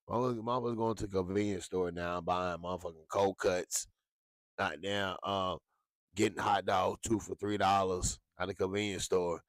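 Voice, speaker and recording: A man hosting a casual talk show, ranting with lots of profanity and animated swings into high yelps. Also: normal speed, no room sound, clean studio sound. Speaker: show host.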